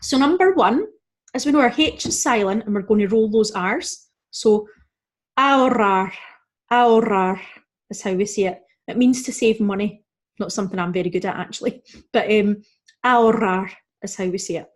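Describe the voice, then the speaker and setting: A woman teaching a beginner Spanish lesson, explaining step by step, saying Spanish example words slowly and clearly, and often checking in with "okay?" and "right?". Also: mid-range voice, expressive, darkish tone. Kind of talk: recorded beginner language lesson.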